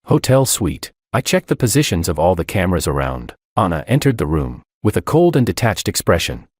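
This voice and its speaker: A young man calmly narrating a first-person romance story. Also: low-pitched, fairly quick, hardly any pauses, no echo, clean studio sound.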